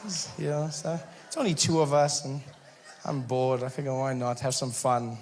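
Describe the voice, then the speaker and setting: A man doing a stand-up comedy set, animated, slipping into other people's voices and shouting at the audience from a club stage. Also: mid-range voice, moderate pace, slight background noise. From South Africa.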